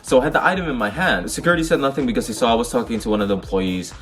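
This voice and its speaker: His medium-pitched voice is animated, rapid-fire and a bit bright. The young man from the Netherlands vlogs casual personal stories to the camera, blunt and heated, laced with slang and swearing.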